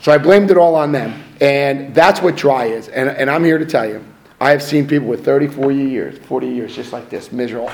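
A middle-aged man giving a personal testimony to a recovery meeting, swinging between hushed and loud and laughing at himself. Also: mid-range voice, a little fast, gravelly, a little hiss or hum. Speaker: recovery speaker.

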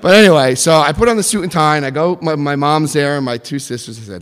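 A man telling a personal story in an animated way, acting out the voices of others. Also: on the high side, fast, hardly any pauses, in a large hall.

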